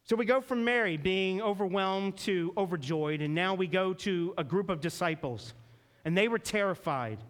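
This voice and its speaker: A man preaching a sermon as a pastor, earnest and storytelling, slowing down and dropping low for emphasis. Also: lively intonation, fairly bright tone.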